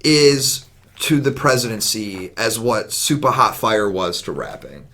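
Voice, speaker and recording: A young man co-hosting a casual podcast, ranting in an animated, profane way. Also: fairly low pitch, unhurried. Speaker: podcast co-host.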